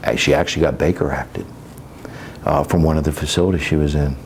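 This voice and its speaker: A middle-aged man with a low, deep voice, speaking candidly in an interview. He rambles through his stories in a plainspoken way, full of fillers and restarts. A faint hiss of background noise sits under the recording. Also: fairly even intonation, fairly quick. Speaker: caregiver and sales coach.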